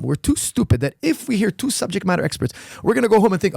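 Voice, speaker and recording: Fast-talking gravelly man from Canada. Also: sing-song, a little mellow, dry recording, clean studio sound. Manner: emphatic, builds to sudden high-pitched outrage. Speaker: coach and gym owner, podcast guest. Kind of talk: animated storytelling in casual conversation. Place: podcast studio.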